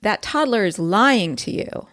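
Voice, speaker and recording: A woman's voice: medium pitch, lively intonation, unhurried, fairly bright tone. A woman hosting a solo safety podcast, talking casually and animatedly and often checking in with "right?". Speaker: podcast host, safety professional.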